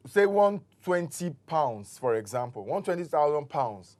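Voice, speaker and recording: Man, Nigerian English accent, studio talk show expert, emphatic explainer, slightly high voice. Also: measured pace. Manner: explanatory, emphatic, grows animated. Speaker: real estate expert guest.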